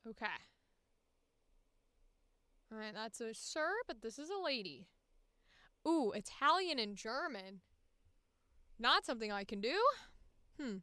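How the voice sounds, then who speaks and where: A woman's voice: fairly high pitch, expressive, a little slow, long pauses, sharp tone, clean tone, no echo. A woman voice actor chatting casually on her livestream, thinking aloud and laughing at herself. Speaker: voice actor streamer.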